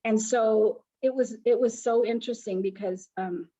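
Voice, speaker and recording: A woman's voice: a little high, moderate pace, muffled recording. A middle-aged woman, a social worker telling stories in an interview and acting out the people she quotes. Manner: animated storyteller, acts out quoted voices. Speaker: foster agency founder and social worker. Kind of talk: storytelling interview.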